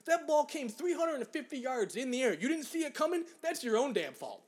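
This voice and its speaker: A young man with a high-pitched voice rants about sports in a casual chat. He is angry and profane, and he mocks people in put-on voices. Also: sing-song, brisk. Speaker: podcast co-host.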